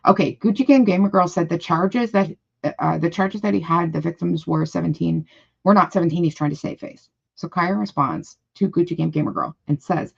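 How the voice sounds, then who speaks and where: A woman with a gravelly, rough-edged voice talks through a live reaction stream, reading comments aloud and cutting in with blunt, indignant remarks and frequent swearing. The sound is dull and lo-fi, as on a home streaming mic. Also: on the low side, moderate pace. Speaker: livestream reaction host.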